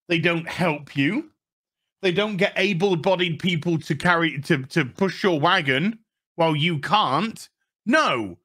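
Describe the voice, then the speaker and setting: A man's voice: fairly high pitch, expressive, slow, pushed and bright, breathy edge. A man with a Yorkshire accent ranting sarcastically through a TV episode review, swearing often. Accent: Yorkshire English. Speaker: TV review vlogger.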